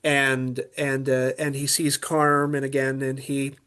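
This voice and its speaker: A man, a guest opera tenor from Pennsylvania, chatting casually in an interview and explaining things in a halting way, with many restarts and filler words. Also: medium pitch, completely flat delivery, fairly bright tone, smooth. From Pennsylvania, USA.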